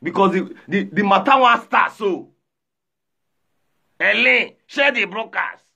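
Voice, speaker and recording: A man with a Nigerian Pidgin accent runs a livestream rant in a high, bright, forceful voice. He taunts his rivals, calls out names and greets viewers one after another. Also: animated, takes it slowly, vocal fry, husky. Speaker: livestream host.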